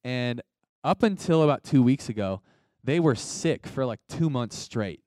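A man's voice: medium pitch, lively intonation, measured pace, darkish tone, dry recording. A young man preaching a sermon in a conversational, emphatic way, calling out to the congregation for responses. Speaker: pastor.

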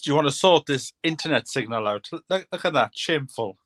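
A man's voice: fairly high pitch, lively intonation, brisk, fairly bright tone, dry recording. Grumbling man, dry close sound. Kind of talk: casual aside.

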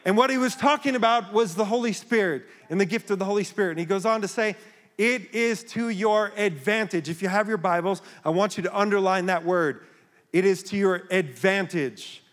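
A man's voice: sits high, fairly bright tone. Impassioned man preaching in a reverberant hall. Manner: impassioned, rising to emphatic calls. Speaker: pastor. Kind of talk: sermon. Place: church sanctuary.

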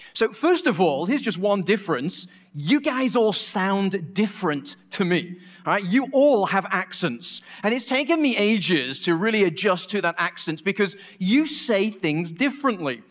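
A man's voice: high voice, a bit bright. A middle-aged man from England with a Manchester accent, preaching a sermon in a conversational, joking way. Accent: Manchester English. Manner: conversational and joking, with a few restarts.

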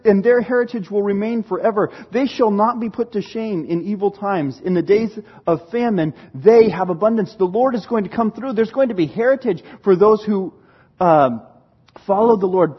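A man preaches in a high, husky voice, animated and quick to laugh as he acts out the lines he quotes. The recording is dull and lo-fi. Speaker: pastor. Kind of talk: sermon.

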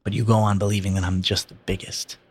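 Man voicing a scheming teen brother, low and taunting, storybook reading. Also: level tone, fast talker, breathy edge. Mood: menacing. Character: scheming menacing older brother, teenage boy.

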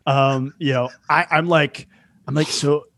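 Man, 40s, slightly raised pitch, casual rambling storyteller, self-deprecating. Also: steady tone, a little slow, creaky, fairly bright tone, no room sound, clean studio sound. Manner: rambling, self-mocking, lots of fillers.

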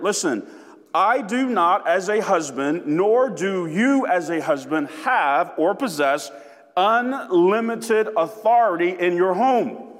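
A man preaching a sermon as pastor, emphatic and deliberate, repeating key phrases for weight. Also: high voice, in a large hall.

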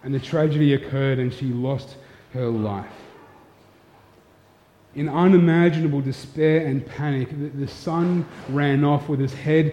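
A man's voice: on the high side, fairly even intonation, measured pace, dark tone. A man preaching a sermon, earnest and storytelling, putting direct questions to his listeners. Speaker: pastor. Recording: echoey hall, dull lo-fi sound.

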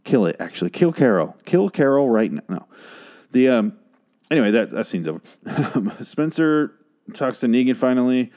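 A man's voice: mid-range voice, big pitch swings, normal speed, warm tone. A man losing his voice, rambling through a casual, profane and sarcastic recap of a TV episode as a podcast host.

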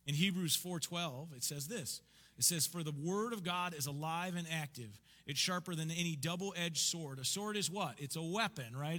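A man preaches with bright, forceful energy, his voice sitting a little high for a man. He keeps asking the congregation questions and answering them himself. The sound rings with the long reverb of a church sanctuary. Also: normal speed. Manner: energetic, emphatic preaching with call-and-response questions. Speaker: pastor. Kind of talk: sermon.

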